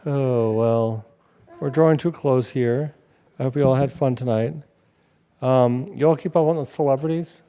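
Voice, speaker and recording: Male comedy host, gravelly voice, casual rambling banter. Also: mid-range voice, moderate pace, dark tone. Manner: rambling, joking asides to the audience. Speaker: show host.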